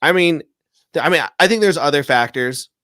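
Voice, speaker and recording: A man's voice: fairly high pitch, lively intonation, a little fast, bright, forceful tone, no echo, studio quality. A man hosting a casual live show, telling stories animatedly, acting out quotes and laughing often. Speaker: podcast host. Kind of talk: casual live-stream chat.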